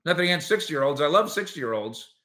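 A man hosting a sports opinion show, talking in an animated, sarcastic way and acting out quotes from players and coaches. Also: fairly high pitch, a little fast.

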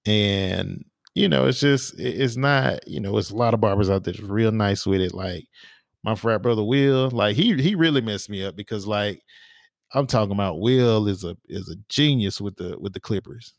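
A man co-hosting a podcast, telling stories in a relaxed, casual way with lots of fillers and restarts. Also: lowish voice, moderate pace, vocal fry, dry recording, clean studio sound. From small town in the US. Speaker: podcast co-host. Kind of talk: casual chat.

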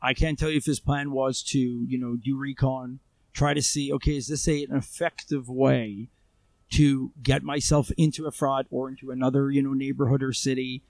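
A man with a gravelly, creaky voice tells his story as an interview guest. His talk is loose and conversational, full of fillers and restarts, and he sounds close and dry. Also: mid-range voice, little pitch movement, moderate pace, a little mellow, no echo. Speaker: guest, armed civilian responder. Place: Israel.

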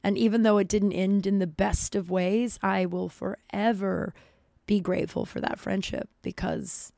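A woman in her forties, a podcast host, telling a personal story in a candid, profane, animated way. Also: mid-range voice, a little slow, gravelly, no room sound, studio quality. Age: 40s. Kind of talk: casual storytelling monologue.

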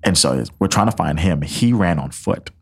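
A young man tells his testimony on a podcast in an earnest, emotional way. His voice sits low and a little husky, and it swings widely in pitch as he acts out conversations and breaks into laughter. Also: expressive, normal speed. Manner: earnest storytelling, acts out quotes, laughs often. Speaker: podcast guest.

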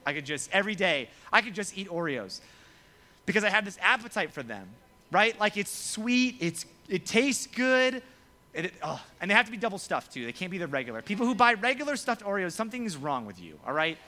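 Young male youth pastor, casual joking sermon, bright tone, swooping pitch, acts out quotes. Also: sing-song, fast talker.

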